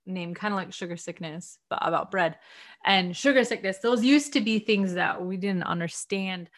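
A woman leading a casual book study discussion, thinking aloud in a chatty, earnest way with soft laughs. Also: medium pitch, moderate pace. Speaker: study group discussion leader.

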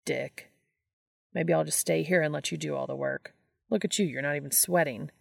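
A woman's voice: sits low, moderate pace, vocal fry, breathy edge, dry recording, clean studio sound, full character voice. A woman voicing a tired, whiny, sarcastic man in a fan fiction audiobook, grumbling as she speaks his lines.

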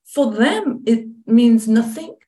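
A woman's voice: on the high side, slow. Woman telling her story, echoey room. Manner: animated, acts out quoted dialogue. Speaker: guest, chronic pain and mindset coach. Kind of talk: conversational storytelling.

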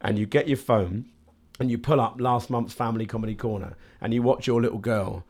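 A man's voice: medium pitch, fairly quick, husky. A man in his late thirties, a podcast guest chatting casually and acting out little voices as he tells stories. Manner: animated storyteller who acts out little voices.

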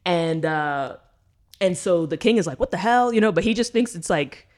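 A woman's voice: on the low side, animated, moderate pace, darkish tone. A woman co-hosting a podcast, retelling a story in casual, profane chat and checking in with "right?" after almost every point. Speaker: podcast co-host.

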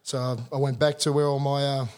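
Speaking briskly in a mid-range voice, this Australian guest in his thirties tells a story full of swearing and bluntness. It's casual, animated yarn-spinning, and the recording has a long reverb tail.

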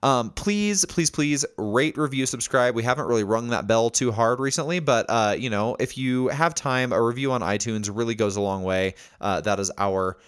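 A man co-hosting a podcast, talking in a playful, giggly, animated way. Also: medium pitch, a little fast, hardly any pauses, clean tone. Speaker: podcast co-host. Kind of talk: casual chat.

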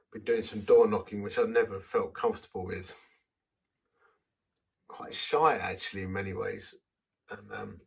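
A man's voice: lowish voice, creaky, slightly rough, distant mic. A man who is a vicar, telling a story in a sermon in a self-deprecating, anecdotal way and acting out the quotes.

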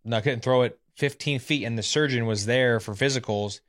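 A man in his thirties tells his story like he's chatting with a friend. He is animated and keeps slipping into other people's voices to act out what they said. His voice sits at an ordinary middle pitch. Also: brisk. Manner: animated, acts out quotes of others. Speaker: former pitcher, guest. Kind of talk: casual storytelling.

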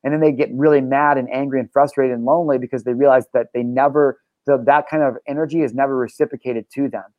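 Fast-talking, intense, profane male host. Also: mid-range voice, steady tone, darkish tone, dry recording, dull audio. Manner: intense, swears freely, preachy. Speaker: podcast host and life coach. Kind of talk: passionate, profane monologue.

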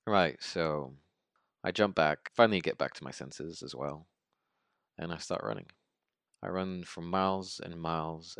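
An actor playing a haunted young man who survived a massacre, retelling it in a halting, stammering way in an audio drama monologue. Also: low voice, vocal fry, clean tone, no echo. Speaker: survivor recounting his story.

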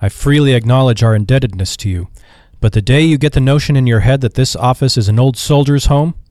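A man voicing a bossy old male shipping tycoon who talks in a shrill, blustering bark. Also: fairly quick, a little mellow, no echo, clean studio sound, lightly acted. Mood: warning. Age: older.

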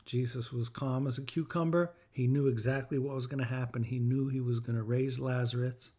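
This podcast host, a middle-aged bereaved father, speaks in a mellow mid-range voice with fairly even intonation and a brisk pace. He offers an earnest, heartfelt scripture teaching, circling back to key phrases to stress them.

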